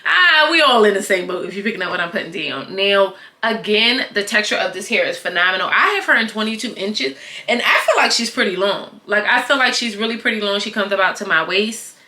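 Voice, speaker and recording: A grown woman vlogger reviewing a wig in casual, slangy chat, playful and animated as she talks straight to her viewers. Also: medium pitch, fairly quick. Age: adult, not young. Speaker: beauty vlogger reviewing wigs. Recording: echoey room.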